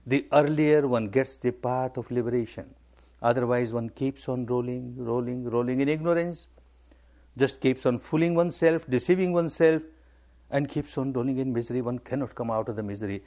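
A man's voice: mid-range voice, normal speed, warm tone. A man giving a spiritual talk, emphatic and repetitive, stressing key words. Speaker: meditation teacher. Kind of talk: dharma talk.

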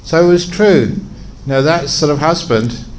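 Middle-aged man, teacher giving a talk, expressive storyteller, faint room noise. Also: a little high, measured pace. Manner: warm-humoured, expressive storyteller. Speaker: meditation teacher giving regular talks. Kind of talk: storytelling talk to a live audience.

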